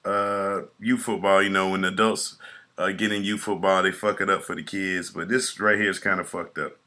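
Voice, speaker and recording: A hoarse man hosts a casual podcast in a deep, raspy voice. His tone is bright and punchy, and he talks loosely, boasting and joking between stories. He sounds close to a studio mic. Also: flat delivery, moderate pace. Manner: boastful, joking hype intro, loose storytelling. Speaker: podcast host; youth football coach.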